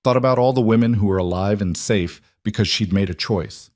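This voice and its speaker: Low-voiced male audiobook narrator, dry sound. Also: fairly quick, a little mellow, no room sound. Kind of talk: scripted narration.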